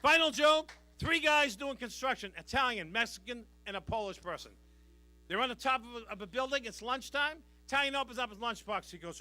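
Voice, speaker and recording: A man's voice: very high-pitched, expressive, a little fast, bright, forceful tone, dry recording. A man doing stand-up jokes at a charity event, with a brash, punchy delivery. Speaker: stand-up comedian. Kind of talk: stand-up jokes and comic song.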